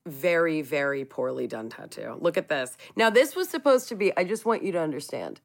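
A woman's voice: low-pitched, brisk, creaky. A woman in her thirties co-hosting a podcast, chatting casually and emphatically. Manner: expressive, emphatic, explains step by step. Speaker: podcast co-host. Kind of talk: casual chat.

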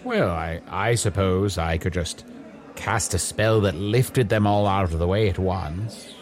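A man's voice: deep voice, measured pace. A man playing a pompous bumbling wizard. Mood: smug. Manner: pompous, indignant. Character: pompous clumsy male wizard in a poncho. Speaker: player character.

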